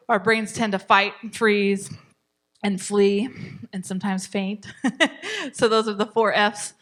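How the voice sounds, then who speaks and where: A woman teaching a live parenting class, animated and laughing often, acting out short parent and child lines. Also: mid-range voice.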